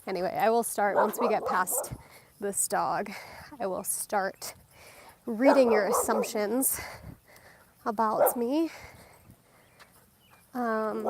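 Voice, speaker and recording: A young woman lifestyle vlogger films herself on a handheld phone while walking her dog outside, chatting casually. Her mid-range voice moves slowly with long pauses, and she's a little out of breath, distracted, and laughing often. Heavy background noise surrounds her.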